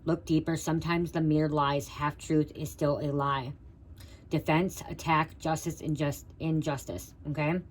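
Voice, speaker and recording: Reading from a card guidebook on a live stream, a tarot reader stumbles over words and stops to address viewers. She speaks a little slowly in a low, fairly flat, even voice, over a low-quality recording with slight hiss or hum.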